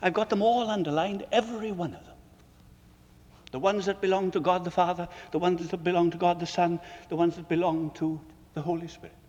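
Fervent preacher in a reverberant hall. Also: male voice, high-pitched, steady tone, brisk, lo-fi sound. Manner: emphatic, rhetorical questions, swings between soaring and hushed. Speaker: preacher addressing fellow preachers. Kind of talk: sermon lecture. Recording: long reverb of a large hall.

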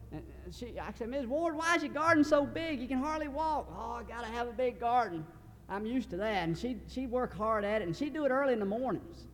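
Give me a man preaching a folksy sermon story in a fairly high voice. He is earnest and often starts his sentences over. There is a long reverb from a big hall and a faint rumble. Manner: folksy, earnest, halting restarts.

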